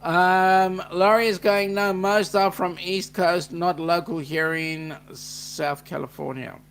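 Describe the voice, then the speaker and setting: A man's voice: high-pitched, steady tone, takes it slowly, gravelly, a bit bright, slight background noise. A man with an Australian accent co-hosting a casual livestream chat, reading out viewer comments with a joking, teasing manner.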